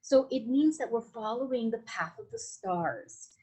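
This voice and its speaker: A woman's voice: fairly high pitch, expressive, measured pace, a little mellow, husky, rough recording. A woman with a Latin American Spanish accent, a guest on a podcast interview, talking in a flowing, reflective way with many restarts and fillers. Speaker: guest, Vedic astrologer.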